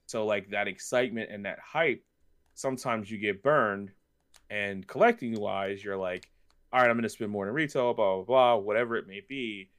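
A man in his thirties chats on a podcast with a somewhat low voice. He tells stories in a loose, rambling way, full of fillers and restarts. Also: moderate pace. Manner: rambling, animated storyteller with many fillers. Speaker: podcast co-host. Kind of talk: casual chat.

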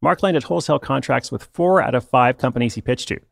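A man's voice: medium pitch, quick pace, creaky, no room sound. A man narrating a business story as podcast host, with dry joking asides. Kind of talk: scripted narration.

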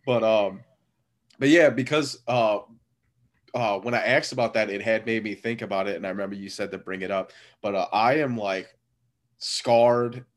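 A man in his thirties telling a story in a relaxed, rambling way, full of fillers and laughing at himself. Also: on the low side, normal speed. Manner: laid-back, rambling with many fillers and frequent laughs. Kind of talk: casual storytelling chat.

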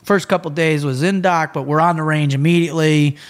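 A man who is a podcast guest, telling stories in casual chat in a blunt, animated way. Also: a little high, a little fast.

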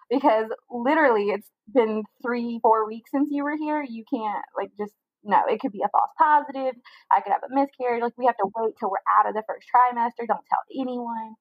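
A young woman telling a personal story in a casual interview, talking quickly with lots of "like" fillers. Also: fairly high pitch, no room sound, phone-quality sound. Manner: fast chatty storytelling with many "like" fillers. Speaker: guest telling her story.

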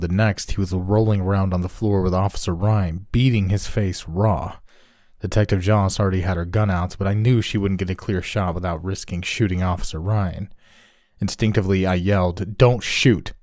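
Deep, mellow-voiced man narrating horror. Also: fairly even intonation, brisk, dry recording, clean studio sound. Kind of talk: scripted horror story narration.

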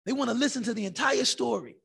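Gravelly, high-voiced man teaching a class. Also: fast. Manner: animated storytelling, acting out quoted voices. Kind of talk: religious class lecture.

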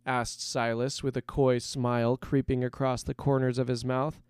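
A man reading a fantasy story aloud as narrator, in a measured and dramatic way. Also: medium pitch, little pitch movement, darkish tone, clear, resonant tone, no room sound, clean studio sound.

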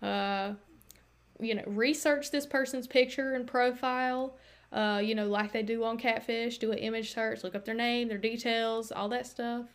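A woman with a fairly high voice tells a story as a podcast host. She talks in a loose, chatty way, full of "like" and "you know". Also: normal speed. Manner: chatty, animated, many fillers and likes. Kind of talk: casual storytelling chat.

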